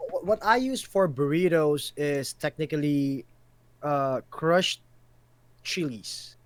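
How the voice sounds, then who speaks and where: A man chatting casually on a stream, giving relaxed, short replies. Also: a little high, slow, dry recording. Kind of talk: casual chat.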